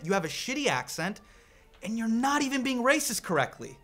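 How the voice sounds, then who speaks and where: A man hosting a comedy segment, ranting to camera in an animated, profane, indignant way. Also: very high-pitched, a little fast, soft background music. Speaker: comedy show host.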